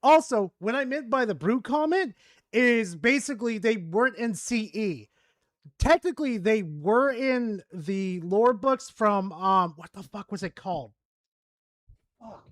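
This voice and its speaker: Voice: mid-range voice, no echo, studio quality. A streamer rambling and swearing in frustration while commentating a game. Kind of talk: gaming commentary while playing.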